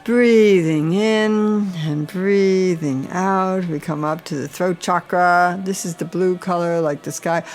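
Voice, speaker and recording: A woman's voice: fairly low pitch, takes it slowly, hardly any pauses, darkish tone. A woman leading a guided chakra meditation, giving soothing breathing cues and intoning mantras.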